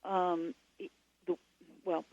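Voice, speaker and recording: A woman with a gravelly, mellow voice talks through her ideas at length, wandering from point to point as she explains. The sound is dry and dull, like lo-fi radio audio. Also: on the low side, flat delivery, slow pace, dry recording. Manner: long, digressive explanations. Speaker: guest author.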